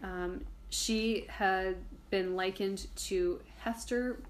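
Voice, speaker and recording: A woman's voice: medium pitch, fairly even intonation, drawn-out words, slight background noise. A woman hosting a casual history podcast, chatty and irreverent, swearing casually while reading from her notes. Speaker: podcast host.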